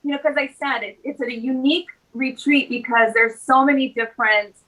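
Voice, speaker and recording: Bright, high-voiced woman host. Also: steady tone, fairly quick, rough recording. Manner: emotional, enthusiastic. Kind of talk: casual chat.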